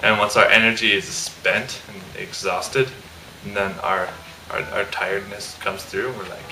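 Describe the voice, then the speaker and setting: A man's voice: lowish voice, steady tone, a little slow, reverberant, over music, poor audio. A young man on a casual panel, giving jokey, rambling explanations about how guys think. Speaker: panel member. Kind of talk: casual opinion chat.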